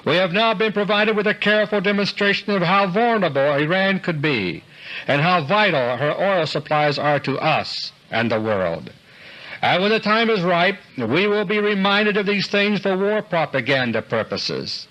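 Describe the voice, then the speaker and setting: A man delivers a scripted political commentary with grave deliberation, lowering his voice at each sentence's close. His voice sits somewhat high and moves a lot in pitch. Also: animated, moderate pace, sharp tone, poor audio. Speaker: commentator delivering an audio newsletter.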